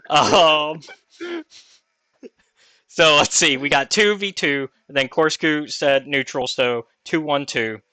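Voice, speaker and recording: A man's voice: on the high side, slow, long pauses, sharp tone, clean tone, no room sound. A man casually narrating as game master, laughing easily with his players.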